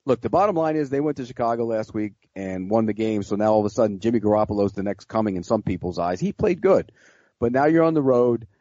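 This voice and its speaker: A man giving blunt, halting picks as a sportswriter in casual podcast chat. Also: on the low side, animated, dark tone, no room sound. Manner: blunt, halting, restarts often. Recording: dry dull lo-fi podcast audio.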